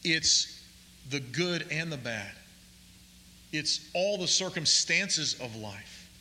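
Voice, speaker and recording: Male pastor, sermon, emphatic and deliberate, edgy forceful tone, reverberant hall. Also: a little high, animated, slight background noise. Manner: deliberate, emphatic preaching with slowed key phrases.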